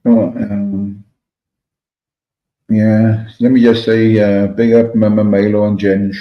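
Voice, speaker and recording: A man's voice: on the low side, flat delivery, takes it slowly. A man from Wales with a Welsh accent, rambling in casual chat and greeting viewers by name as he hosts a livestream. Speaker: livestream host reading chat. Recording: echoey room, dull lo-fi sound.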